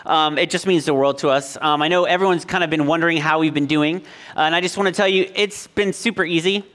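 High-voiced man joking through a sermon. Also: fairly even intonation, fast talker, a bit bright. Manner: self-deprecating joking, full of ums and likes. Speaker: youth leader preaching. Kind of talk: humorous sermon.

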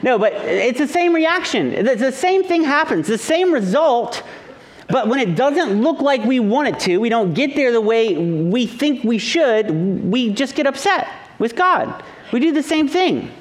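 A man, a young or middle-aged father, preaching a conversational sermon. He is animated and jokey, tells stories and acts out the people in them. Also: extremely high pitch, a little slow. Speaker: pastor.

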